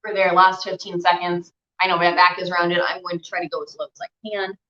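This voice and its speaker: A young woman teaches stretching in a lowish, flat, fairly quick voice that's bright and forceful. Chatty and encouraging, she fills her speech with fillers and is slightly out of breath holding the stretches, recorded in an echoey room with dull lo-fi sound.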